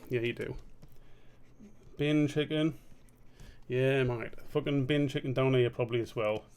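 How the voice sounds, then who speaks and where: A man's voice: mid-range voice, steady tone, a little slow, long pauses, darkish tone, clear, resonant tone. A man streaming a drawing session, rambling and muttering to himself, swearing freely as he works. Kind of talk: casual live-stream commentary while drawing.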